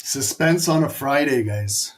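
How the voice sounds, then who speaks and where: A man hosting a live trading stream, giving excitable, profane, joking play-by-play commentary as the price moves. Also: mid-range voice, a little slow.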